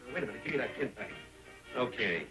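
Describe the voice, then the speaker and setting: An actor playing a brash, scheming inventor husband in a 1930s film comedy, wheedling and pushy. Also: male voice, medium pitch, animated, quick pace, close to an everyday voice. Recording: scratchy 1930s film soundtrack with music.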